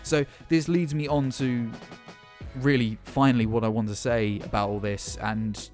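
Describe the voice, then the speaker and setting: Man, sarcastic, fired-up rant, middle-pitched voice, soft music underneath. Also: steady tone, moderate pace. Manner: angry, impassioned, sarcastic, swears. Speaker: gaming YouTuber. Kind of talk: ranting vlog commentary.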